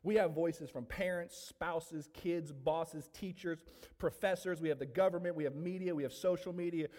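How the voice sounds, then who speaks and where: A man preaching a sermon to his congregation, animated, with frequent asides to the room. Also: a little high, normal speed, in a large hall. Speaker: pastor. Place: church sanctuary.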